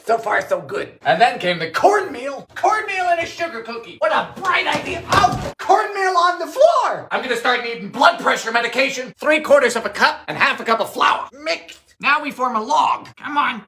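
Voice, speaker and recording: Theatrical, sardonic man with a lively voice. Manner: theatrical and sardonic, with sudden jumps in pitch and loudness. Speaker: host of a vintage cooking show. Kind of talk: comedic cooking narration.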